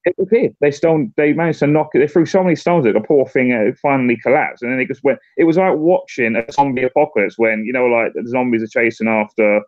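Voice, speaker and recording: A man's voice: mid-range voice, no room sound. Man, political candidate, casual chat, stumbling restarts, dry muffled lo-fi audio. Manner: halting, repeats words when starting sentences.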